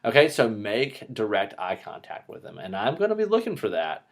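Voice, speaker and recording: Male speech instructor for an online lecture: lowish voice, talks a bit fast, playful asides. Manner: lively, joking asides. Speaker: public speaking instructor.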